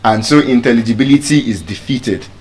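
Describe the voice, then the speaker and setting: A middle-aged man with a Nigerian accent teaching English pronunciation, repeating each word slowly to demonstrate the sounds. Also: mid-range voice, animated, a little mellow, a little hiss or hum. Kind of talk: spoken English lesson.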